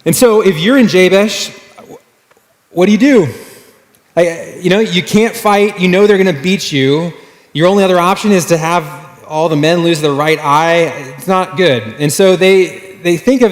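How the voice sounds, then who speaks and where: A male pastor delivers a sermon in a relaxed, chatty storytelling manner, his voice sitting a little high for a man. The sound carries a long reverb from a roomy church hall. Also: moderate pace. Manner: conversational, animated storytelling with fillers. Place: church sanctuary.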